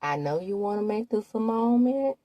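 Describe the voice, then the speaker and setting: Husky lady from dishing on a reality show, mellow dry sound. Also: medium pitch, animated, normal speed, dry recording. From Mississippi, USA. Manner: chatty, gossipy, talks straight to viewers. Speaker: host. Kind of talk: casual reality-TV recap commentary.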